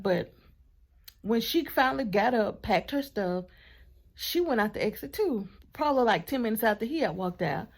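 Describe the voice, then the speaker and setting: A woman vlogger telling a storytime in a chatty, animated way, with asides to her partner off camera. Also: fairly high pitch, vocal fry. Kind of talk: casual storytime vlog.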